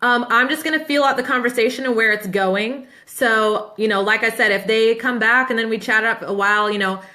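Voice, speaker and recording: A woman in her thirties, a business coach answering questions in a casual live Q&A, chatty and upbeat and quick to laugh. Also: on the high side, sharp tone. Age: 30s.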